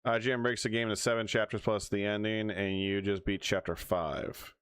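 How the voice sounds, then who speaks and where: A man's voice: on the low side, little pitch movement, brisk, fairly bright tone, smooth, no room sound, studio quality. A man livestreaming, chatting casually and rambling as he plans his next streams, with hiccups. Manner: rambling, restarts often, hiccups.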